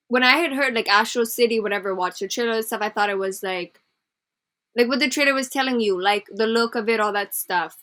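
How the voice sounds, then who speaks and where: Bright-voiced young woman, chatty. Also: medium pitch. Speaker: podcast co-host. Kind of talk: casual chat.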